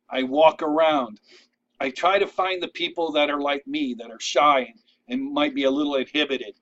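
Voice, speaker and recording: A man's voice: a little high, fairly bright tone, highs cut off. A man giving casual, rambling advice to camera. He keeps checking in with "all right?" and drifts into asides and restarts. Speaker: vlogger giving networking tips.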